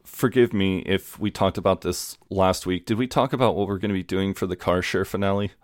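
A man's voice: deep voice, brisk, no room sound, studio quality. A man co-hosting a podcast, chatting casually, swearing freely and often restarting his sentences. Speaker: podcast co-host. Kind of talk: casual chat.

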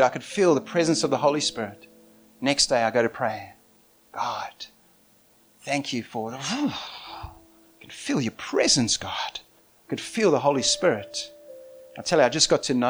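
A male pastor preaching a sermon, telling stories with lots of laughter and acted-out quotes. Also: medium pitch. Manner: animated storytelling, laughs often, acts out quotes.

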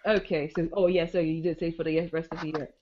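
A woman hosting a podcast in casual chat, slightly hoarse from a cold, chatty, with many ums and easy laughter. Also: sits low, flat delivery, quick pace, a little mellow, muffled recording, slight background noise. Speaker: podcast host.

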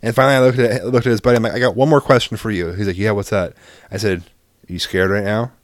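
Man, casual storytelling, acts out dialogue, swears, low voice, dead-dry sound. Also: fast, no room sound. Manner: animated, acts out both sides of dialogue, swears freely. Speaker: parent telling a story.

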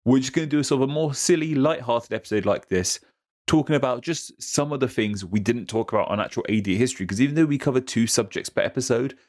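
A man co-hosting a history podcast, explaining things quickly and rambling a little. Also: mid-range voice, a little mellow, dry recording, studio quality. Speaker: podcast co-host. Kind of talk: casual history podcast chat.

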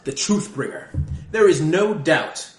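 A man's voice: a little high, lively intonation, a little slow. Haughty british scholar reading a fantasy guidebook, a guy putting it on, mock grand, roomy table mic sound. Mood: grandiose. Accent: put-on British. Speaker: dungeon master. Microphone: single USB mic in the middle of the table. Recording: echoey room, one table mic.

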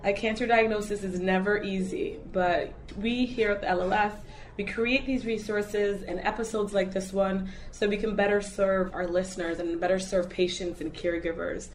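A woman's voice: medium pitch, fairly even intonation, normal speed, a little hiss or hum. A woman podcast host thanking her guest and closing the episode.

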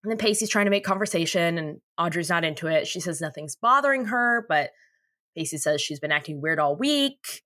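A woman's voice: on the low side, animated, fairly quick, bright, forceful tone, no room sound, studio quality. A woman co-hosting a podcast, recapping an episode in a chatty, profane way and laughing often. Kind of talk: casual chat.

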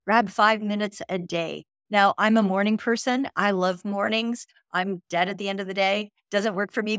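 A woman's voice: mid-range voice, a bit bright, no echo, clean studio sound. A woman, a Christian speaker and author, talking earnestly as a guest on a faith podcast and building to emphatic encouragement.

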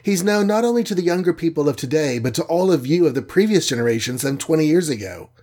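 A lively young heroine announcing her team leader, brisk and full of pride, as a man puts her on. He lifts his voice higher and hurries along, keeping a husky edge. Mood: proud. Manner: brisk and proud.

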